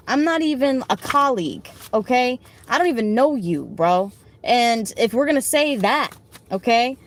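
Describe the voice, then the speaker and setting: Woman, late twenties, somewhat high voice, casual live-stream chat, foul-mouthed, animated. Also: unhurried, a little hiss or hum. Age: late 20s. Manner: blunt, heavy swearing, talks back to chat. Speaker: livestreamer giving card readings.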